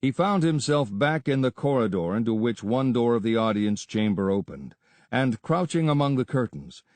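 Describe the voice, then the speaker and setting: A man reading an adventure story aloud as narrator, in a steady, measured storytelling manner. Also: medium pitch, dry recording. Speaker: audiobook narrator. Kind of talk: scripted narration.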